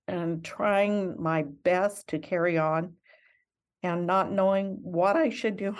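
A woman's voice: medium pitch, steady tone, slow pace, a little mellow. An older woman, a missionary guest in an interview, telling her story in an earnest, reflective and heartfelt way.

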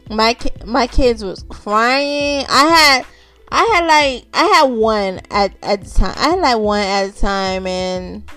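A woman's voice: mid-range voice, a bit bright. A woman hosting her own podcast, talking casually and unscripted, repeating herself and addressing listeners directly as y'all. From Haitian background. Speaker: podcast host.

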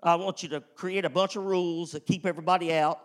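A man preaching, putting on a sarcastic, loud, blustery voice of Jesus giving orders to his male disciples. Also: sits high, steady tone, quick pace, natural voice. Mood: mocking.

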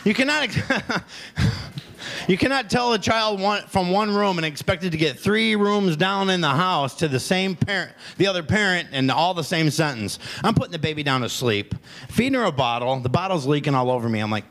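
A man's voice: high-pitched, animated, normal speed, a bit bright. A man doing a stand-up routine on a comedy club stage, often breaking up laughing at his own jokes. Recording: noisy live club recording.

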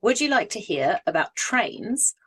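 A woman's voice: mid-range voice, very animated, a little slow, slightly rough. A woman co-hosting a casual podcast, reading out researched facts with frequent hesitant "um"s. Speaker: podcast co-host.

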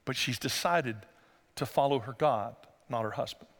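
A male pastor, preaching a sermon and telling stories, sometimes acting out voices in a high falsetto. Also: moderate pace, gravelly, fairly bright tone. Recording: long hall reverb.

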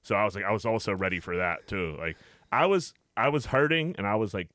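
A man's voice: on the low side, sing-song, a little fast, fairly bright tone, dry recording, clean studio sound. A man chatting casually as a podcast co-host, rambling with lots of fillers and swearing. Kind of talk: casual chat.

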